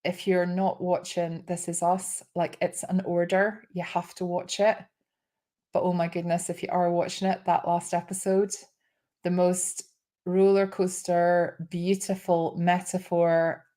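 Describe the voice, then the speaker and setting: A woman's voice: fairly low pitch, level tone, a little slow, warm tone. A woman in her fifties hosting a live show, chatting casually and getting emotional, with restarts and small laughs. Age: 50s. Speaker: host.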